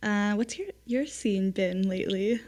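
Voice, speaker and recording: A woman's voice: mid-range voice, a little slow. Laid-back young woman podcaster. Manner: relaxed, laughing, filler-heavy. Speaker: podcast co-host. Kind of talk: casual chat.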